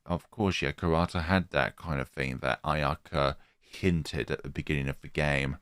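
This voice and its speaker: A man's voice: very deep voice, steady tone, moderate pace, hardly any pauses, fairly bright tone, clear, resonant tone, no room sound. A man giving casual let's-play commentary with wry, sarcastic asides. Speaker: gaming YouTuber.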